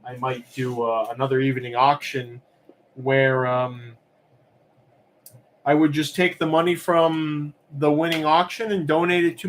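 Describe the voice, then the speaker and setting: A man hosting a live-stream auction, chatting casually and rambling with lots of fillers. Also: mid-range voice. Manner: relaxed, rambling, many fillers.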